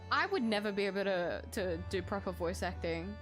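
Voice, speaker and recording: A woman playing a story game, reading lines aloud and reacting with loud laughter. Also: medium pitch, very slow, pauses often. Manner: excitable, laughs and squeals a lot. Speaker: gaming streamer. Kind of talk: let's play commentary with read-out dialogue. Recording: game music under the voice.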